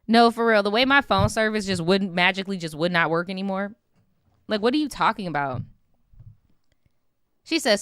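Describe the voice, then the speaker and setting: Bright, animated woman streamer. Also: medium pitch, fairly quick, pauses often, smooth, no echo, studio quality. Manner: animated, slangy, sarcastic reactions. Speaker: streamer reading viewer stories. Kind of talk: casual storytime commentary.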